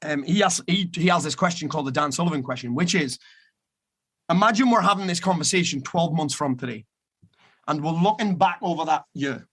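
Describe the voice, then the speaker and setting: A man's voice: fairly high pitch, fairly quick, a bit bright. A man giving a blunt, emphatic motivational talk, swearing freely as he urges listeners to act. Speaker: motivational speaker.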